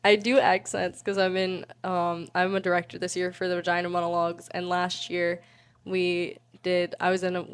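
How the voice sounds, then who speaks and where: A woman's voice: lowish voice, monotone, normal speed, smooth. Giggly young woman chatting casually. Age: 20s. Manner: bubbly, giggly, many "like"s. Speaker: interview guest, PA student. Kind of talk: casual interview chat.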